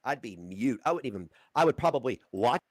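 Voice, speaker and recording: A man's voice: mid-range voice, sing-song, a little fast, dry recording, clean studio sound. A man co-hosting a livestream, ranting heatedly and swearing as he lectures someone. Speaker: livestream co-host. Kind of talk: casual livestream chat.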